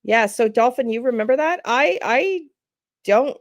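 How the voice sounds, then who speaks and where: A woman hosting a true crime channel, chatting casually and reacting out loud to a clip and to her viewers. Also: a little high, animated, a little slow, no room sound, clean studio sound. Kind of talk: casual live-stream commentary.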